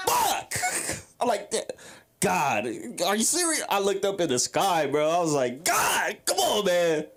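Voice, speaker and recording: A drunk man doing a crude, rambling open mic stand-up set on a comedy club stage, roasting the crowd. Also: mid-range voice. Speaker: stand-up comic.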